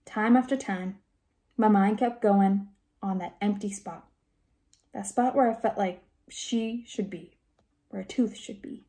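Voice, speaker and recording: A woman reads a children's storybook aloud at a gentle, unhurried pace. Her voice is warm and mellow. She speaks at a middle pitch. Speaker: reader. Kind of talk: first-person storybook narration.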